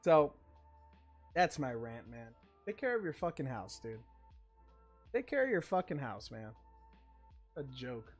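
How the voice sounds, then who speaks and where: A man's voice: medium pitch, sing-song, measured pace, pauses often, soft background music. A male livestream host in a casual chat, ranting emphatically and swearing freely.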